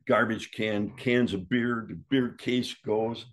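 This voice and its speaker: Fairly low and slow, the voice comes from an older man with a wrestling past. He tells his tale casually and animatedly, imitating others' words and swearing freely.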